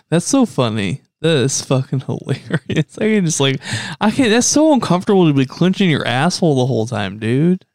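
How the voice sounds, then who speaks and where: A man's voice: fairly high pitch, big pitch swings, normal speed, a little mellow, no room sound, studio quality. A young man co-hosting a podcast, laughing a lot and calling his friend dude. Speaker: podcast co-host. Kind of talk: casual chat.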